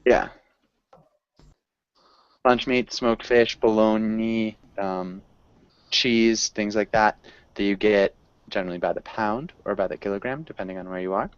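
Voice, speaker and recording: A man's voice: on the low side, unhurried, pauses often, clean tone, no echo, dull audio. A man teaching an English class, patient and encouraging as he explains pronunciation. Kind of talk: online group language lesson.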